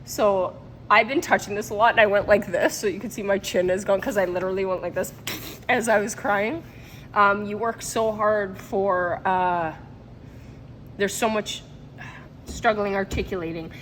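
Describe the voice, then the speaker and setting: Woman, casual vlog, rambling, emotional, laughing, mid pitch. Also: fairly even intonation, moderate pace, a bit bright, a little hiss or hum. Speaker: vlogger and product maker. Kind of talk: casual vlog talk to camera.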